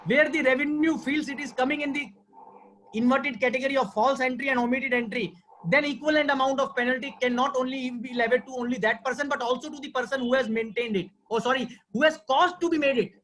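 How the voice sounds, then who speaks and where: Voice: sits high, steady tone, fast talker, fairly bright tone. A tax law speaker with an Indian accent giving an earnest webinar lecture over a video call, repeating key points and addressing listeners as sir.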